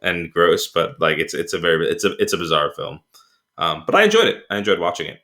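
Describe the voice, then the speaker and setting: A man's voice: deep voice, sing-song, fast talker, sharp tone. A man co-hosting a podcast in casual chat, rambling with many fillers and restarts and laughing as he retells film scenes. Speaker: podcast co-host.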